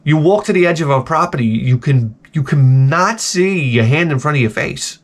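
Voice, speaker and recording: A man's voice: fairly high pitch, expressive, moderate pace. Profane, exasperated man ranting casually. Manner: acts out voices in exaggerated bursts. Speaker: video host.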